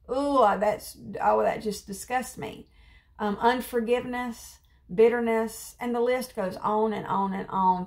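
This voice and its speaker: A woman speaks a devotional in a relaxed, conversational way. Her voice sits at a middle pitch, and she stays earnest throughout. She circles back with repeated phrases, fillers and restarts. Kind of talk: casual spoken devotional.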